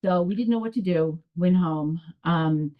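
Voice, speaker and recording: A woman's voice: on the low side, measured pace. A woman addressing a town commission as a resident, telling her story in a hesitant, rambling way with many restarts. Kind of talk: public testimony at a town meeting. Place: town meeting room. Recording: dull lo-fi public access broadcast.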